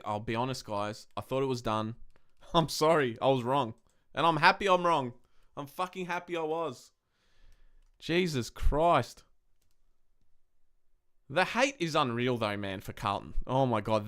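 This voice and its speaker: Excitable man with a smooth voice. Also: medium pitch. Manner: excitable and emotional, swears often. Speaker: podcast host. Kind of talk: live-stream football review.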